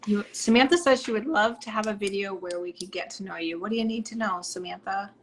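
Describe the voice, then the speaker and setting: A woman chats to her viewers in a casual, bubbly way. Her voice sits in a middle pitch and often drops to a soft whisper. A faint hiss runs under the home recording. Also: a little fast. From Rhode Island, US. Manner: chatty, bubbly, breaks into soft whispers while reading. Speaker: psychic medium hosting a live stream. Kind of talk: casual live-stream chat reading comments.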